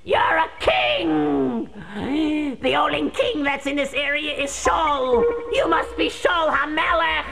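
A woman's voice: high voice, big pitch swings, takes it slowly, full character voice. Woman playing a shrieking, frightened old-story witch. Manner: shrieking, gasping, suspicious. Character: frantic fearful female witch, a medium.

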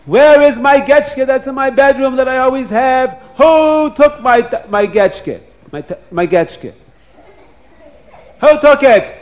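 A greedy old schemer in a storybook, as a man puts him on, screaming in a high, frantic voice and tripping over his own words. He sounds loud and grasping. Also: little pitch movement, normal speed.

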